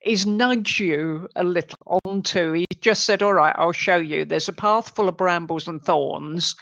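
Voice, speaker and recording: A British woman from the UK, a medium and psychic guest on a radio show, who talks in a friendly way and spells things out clearly. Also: lowish voice, measured pace, fairly bright tone, dry recording, dull audio. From United Kingdom. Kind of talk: casual radio chat.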